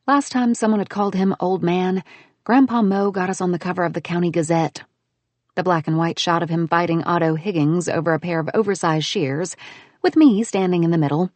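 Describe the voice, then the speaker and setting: A woman narrating a first-person audiobook in an expressive, animated way. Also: on the low side, no echo.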